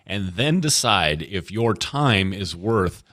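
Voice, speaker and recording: A low-voiced male radio co-host reading off sponsors in a punchy way. His voice sounds close and dry. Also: big pitch swings, slow pace, a bit bright, dry recording. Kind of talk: casual sports radio chat.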